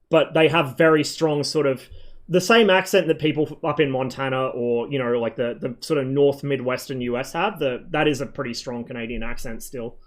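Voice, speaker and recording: A man streaming a flight game, chatting in a loose, rambling way with frequent swearing and plenty of ums. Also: mid-range voice. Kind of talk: casual rambling stream chat.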